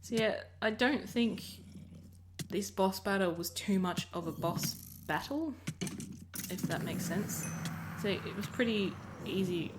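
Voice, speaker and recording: A woman's voice: mid-range voice, a little slow, noisy background. An Australian woman giving casual commentary over her recorded gameplay, rambling and often breaking off mid-sentence. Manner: rambling, self-interrupting, chatty. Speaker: Minecraft let's player.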